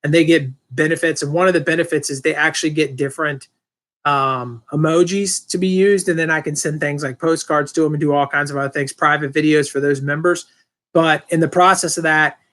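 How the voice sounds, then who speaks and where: On his own live stream, a man with a somewhat high, slightly raised voice reads viewer comments aloud and answers them loosely. He rambles in a relaxed, unscripted way, full of ums, fillers and false starts.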